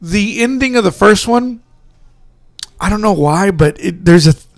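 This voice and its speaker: A man's voice: sits high, expressive, moderate pace, no room sound, studio quality. A man co-hosting a podcast in casual chat, rambling about films, laughing often and acting out movie lines. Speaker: podcast co-host.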